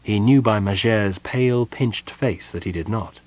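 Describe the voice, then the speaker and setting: A man reading a story aloud as an audiobook narrator, with measured delivery. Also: on the low side, darkish tone. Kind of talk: scripted narration.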